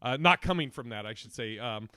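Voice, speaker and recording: A young man hosting a casual comedy podcast, talking in an animated way, laughing often and acting out the people he quotes. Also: medium pitch, fairly quick, no echo, clean studio sound. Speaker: podcast host.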